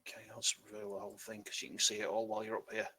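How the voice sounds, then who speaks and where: Bright-voiced male game master. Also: lowish voice, level tone, breathy edge. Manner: loose and halting, with many fillers and restarts. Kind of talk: narrating a tabletop game.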